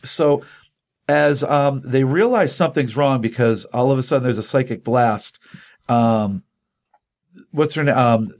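A man's voice: mid-range voice, unhurried, a little mellow. A man casually retelling a comic book issue on a podcast, rambling with many ums and restarts, acting out the dialogue.

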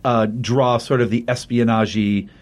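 A comic book podcast host gives a casual spoken review, recapping an issue in a rambling way and correcting himself along the way. His mid-range voice is steady and a little slow.

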